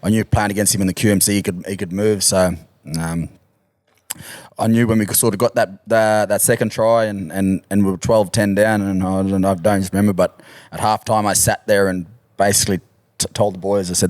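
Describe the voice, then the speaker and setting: A man with a slightly low voice recalls a big game in a laid-back, halting way, often restarting his sentences. He is recorded close and dry, with no room sound. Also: little pitch movement, a little mellow, no echo. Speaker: podcast guest, rugby league player. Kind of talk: casual storytelling chat.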